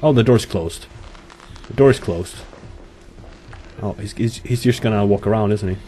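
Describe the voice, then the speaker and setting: A young gamer records nervous horror let's play commentary, cursing and speaking to himself and to the characters. His voice is lowish and dark, at a normal speed.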